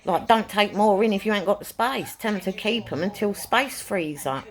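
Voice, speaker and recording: A woman's voice: medium pitch, expressive, moderate pace. A woman chatting casually to camera, rambling and repeating phrases for emphasis as she talks about rescuing animals. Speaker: pet owner and animal rescuer.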